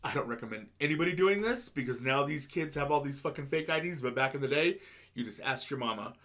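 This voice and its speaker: A man's voice: medium pitch, expressive, fast, a bit bright. A man co-hosting a podcast, telling laid-back stories in casual chat, swearing freely. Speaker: podcast co-host.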